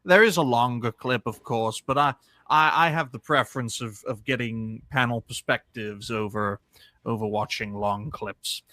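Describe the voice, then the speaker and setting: A man hosting satirical commentary as a cartoon gentleman, sarcastic and speaking straight to his viewers. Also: mid-range voice, normal speed, no echo. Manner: sarcastic, says "folks" often. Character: dignified male cartoon gentleman. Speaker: host.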